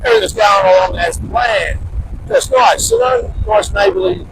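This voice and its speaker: Australian man, vlogger, casual anecdote, very high voice, gravelly, loud emphatic bursts, street traffic noise behind. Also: sing-song, moderate pace. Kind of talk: casual storytelling to camera.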